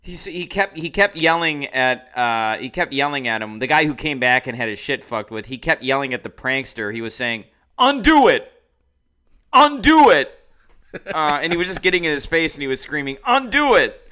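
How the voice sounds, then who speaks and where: A man's voice: medium pitch, fairly quick, few pauses, bright, forceful tone, smooth. A man co-hosting a podcast, recounting a story in casual chat with a laid-back manner. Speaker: podcast co-host.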